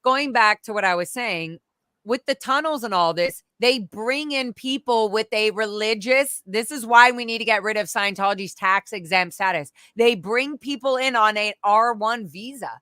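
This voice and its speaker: A woman speaks as a guest in a candid, animated conversation, sharing her stories. Her voice sits a little high and rings bright and tense, close and dry with no room around it. She swears freely and slips into acted-out voices when she quotes other people. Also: normal speed, no echo.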